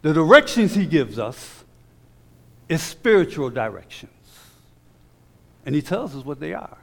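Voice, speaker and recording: A man's voice: on the high side, sing-song, creaky, fairly bright tone. Man preaching in a reverberant hall. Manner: emphatic, slows down when reading scripture; conversational asides with repeated restarts. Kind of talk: sermon.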